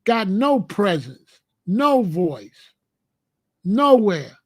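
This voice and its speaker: A man's voice: sits high, big pitch swings, very slow. Profane, combative man ranting on a livestream. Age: adult. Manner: profane, combative, mocking the chat. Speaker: livestream host. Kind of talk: heated livestream rant.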